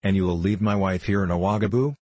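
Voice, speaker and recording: A man's voice: deep voice, a little fast, warm tone, dry recording. A man voicing a mild, timid little farmer who pleads meekly to be excused, in a storybook reading. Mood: pleading. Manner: meek and pleading.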